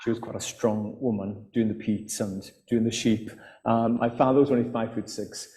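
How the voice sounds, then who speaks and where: A Scottish man from the Outer Hebrides spins stories on stage, hesitating with fillers and restarts. His voice is mellow and warm, carried by a live mic into a long-echoing hall. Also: fairly low pitch, steady tone, moderate pace. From Outer Hebrides, Scotland. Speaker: author and guest speaker. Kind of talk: storytelling talk to a live audience. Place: festival hall.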